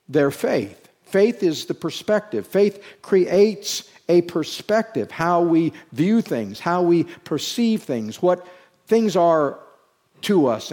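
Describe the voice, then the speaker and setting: A man's voice: on the high side, a little mellow. A man preaching a sermon as pastor, stressing his points by repeating phrases and asking rhetorical questions.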